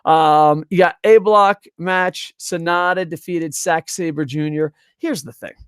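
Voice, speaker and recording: A man's voice: fairly high pitch, fairly even intonation, slow pace, a bit bright, smooth, no echo, studio quality. A young man casually reviewing wrestling on a live stream at a home desk microphone, rambling, swearing and reading chat messages aloud.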